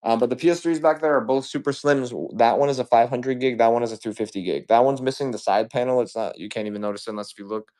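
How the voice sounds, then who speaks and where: A man selling used games on a livestream rambles casually, cracking profane jokes and giving shout-outs to chat. His voice is mid-range, and he talks fast with hardly any pauses.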